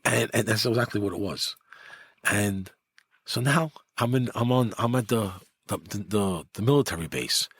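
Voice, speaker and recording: A former mob enforcer from New York, middle-aged and appearing as a guest, shares a story casually at a moderate pace in a husky voice. The recording is dry, and he animatedly acts out the quotes, his pitch rising.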